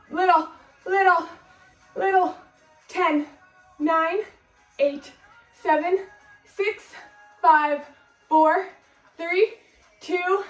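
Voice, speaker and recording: A woman's voice: sits high, a bit bright, roomy sound, distant mic. A woman fitness instructor leading a guided workout, cueing form and counting reps in an encouraging way, a little out of breath.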